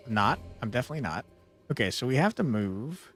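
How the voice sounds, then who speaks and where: A man streaming a tactical board game, commentating as he plays and often swearing and yelling at the game in frustration. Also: medium pitch, very animated, fast talker, faint music behind. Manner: exasperated, swears and yells at the game. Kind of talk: gameplay commentary.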